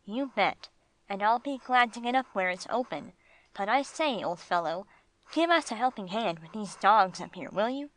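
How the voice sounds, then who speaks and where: A woman voicing a gruff, streetwise male bulldog with slangy tough-guy talk, read for an audiobook. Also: medium pitch, animated, moderate pace, fairly bright tone, natural voice, low-quality recording. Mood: blunt.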